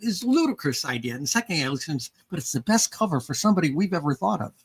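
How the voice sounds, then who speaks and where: An older woman author telling a story in casual conversation, animated, acting out dialogue with some restarts. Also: deep voice, racing, husky.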